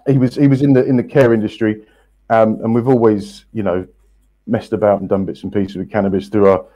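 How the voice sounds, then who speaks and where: A man, a podcast guest, telling his story in a casual, halting way with many restarts and fillers. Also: fairly low pitch, fairly even intonation, warm tone, highs cut off. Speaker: guest, company co-founder.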